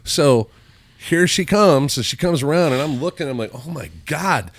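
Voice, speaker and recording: A man hosting a podcast, telling crude stories in a casual, animated, profane way. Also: fairly high pitch, moderate pace. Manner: animated, profane storytelling with voiced asides. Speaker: podcast host.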